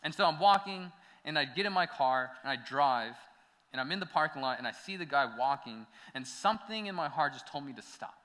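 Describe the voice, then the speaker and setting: Speaking fairly quickly with an expressive, sharp-toned voice on the high side, a young adult man from the United States preaches in a reverberant church hall. He chats casually through a personal story, saying "like" a lot and breaking into laughter.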